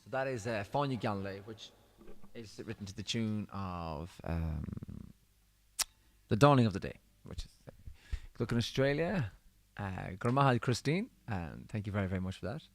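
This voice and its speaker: A man's voice: on the low side, lively intonation, moderate pace. A man, chatting casually with viewers between songs on a livestream, his voice a bit worn from singing. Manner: chatty and easygoing, reading out viewer comments. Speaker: musician hosting a livestream.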